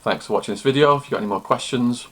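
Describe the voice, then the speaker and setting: A man's voice: medium pitch, racing, a bit bright. A man, a former prisoner and author, answering questions and telling stories to camera in a plain, matter-of-fact way. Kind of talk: storytelling to camera.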